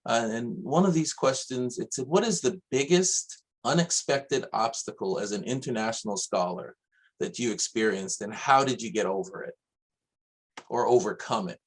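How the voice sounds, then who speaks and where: A man moderating a faculty panel, with a voice of middle pitch for a man. He speaks politely and courteously while he thanks the panelists and reads out the students' questions. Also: normal speed, husky, poor audio.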